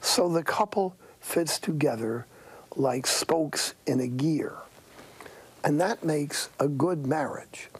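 A man's voice: fairly high pitch, slow pace, slightly rough, poor audio. An older man, a priest, giving a sermon-like talk with folksy, wry storytelling.

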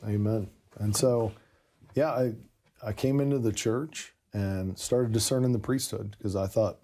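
A man telling the story of his conversion in a casual interview, animated and self-interrupting, full of asides. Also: lowish voice, measured pace.

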